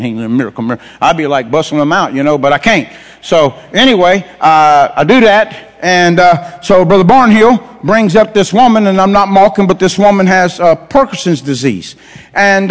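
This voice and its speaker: A male pastor telling a folksy story that builds into shouted, fervent preaching in a church. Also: high-pitched, in a large hall. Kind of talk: sermon. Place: church sanctuary.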